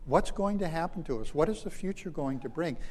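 A man's voice: fairly high pitch, expressive, darkish tone, in a large hall. A man preaching a sermon as pastor, with dramatic emphasis that swells and drops, stretching out key phrases. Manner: dramatic, rising and falling emphasis with slowed phrases.

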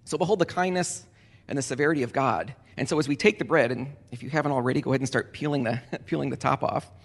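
A man leading communion as a pastor, speaking earnestly and deliberately, repeating key phrases for emphasis. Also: medium pitch. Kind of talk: communion sermon. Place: church sanctuary. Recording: long church reverb.

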